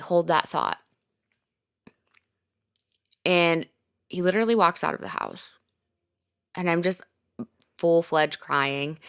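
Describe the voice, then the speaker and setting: A woman's voice: fairly low pitch, a bit bright. A woman hosting a podcast, telling a personal story in a candid, casual way, full of filler words and swearing. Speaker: podcast host.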